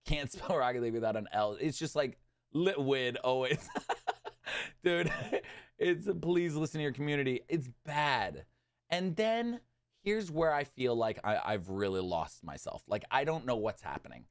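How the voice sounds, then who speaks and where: A young man giving an agitated, animated rant about a video game, swinging between loud outbursts and muttered asides. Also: mid-range voice, normal speed. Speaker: gaming commentator. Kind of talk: exasperated gaming rant.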